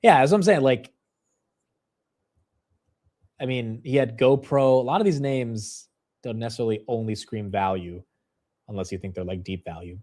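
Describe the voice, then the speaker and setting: With a medium-pitched, darkish voice, a young man runs a live stock market stream. He keeps it casual, jumps quickly between thoughts, and pokes fun at himself with laughter.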